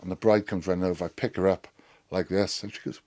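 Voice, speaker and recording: Middle-aged man, low voice, lively cheeky storyteller with a salty mouth. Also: fast. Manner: animated, sweary storyteller. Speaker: podcast guest. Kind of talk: storytelling anecdote.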